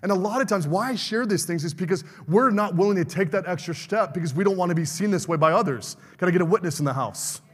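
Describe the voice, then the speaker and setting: Fervent high-voiced male preacher. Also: fast, few pauses, breathy edge, long reverb tail. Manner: fervent, calls for amens. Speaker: pastor. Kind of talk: sermon.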